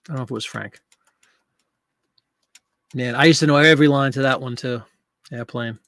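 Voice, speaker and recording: A man's voice: mid-range voice, moderate pace, a bit bright, dry recording, clean studio sound. A man in his fifties hosting a live listing stream, chatting casually, joking and talking to viewers in chat.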